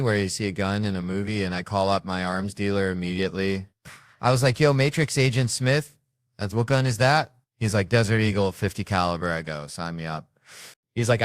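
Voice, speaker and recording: A man with a fairly low voice spins rambling, profane comic anecdotes and voices the other people in them. The sound is dry and close, with almost no room in it. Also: dry recording. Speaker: comedian telling stories. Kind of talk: stand-up storytelling.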